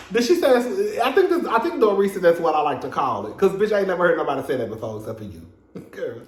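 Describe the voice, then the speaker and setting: A man's voice: fairly high pitch, very animated, fast, slight background noise. A man giving casual commentary as a reality TV reviewer, sassy and profane, laughing often. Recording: echoey room.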